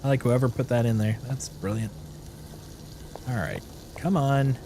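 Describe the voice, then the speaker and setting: A man's voice: medium pitch, measured pace, long pauses, music in the background. A man streaming a game, chatting casually as he plays and reading in-game notes aloud. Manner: animated, thinks aloud and reads game notes aloud. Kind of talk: casual gameplay commentary.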